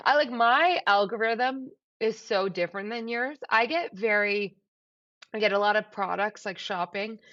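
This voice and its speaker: A woman co-hosting a podcast in casual chat, animated and laughing often, swearing freely. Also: medium pitch, moderate pace, muffled recording. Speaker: podcast co-host.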